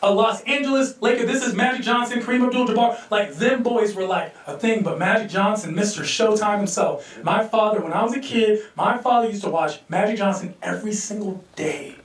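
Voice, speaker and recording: Animated stand-up comedian in an echoey room. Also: male voice, high-pitched, a little fast, few pauses. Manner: loose, animated storytelling, acts out quotes. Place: live comedy venue. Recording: echoey room, distant mic.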